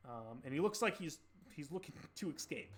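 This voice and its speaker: A man's voice: a little high, animated, moderate pace, a bit bright. A man serving as dungeon master, narrating an improvised tabletop game and patiently explaining the rules to the players.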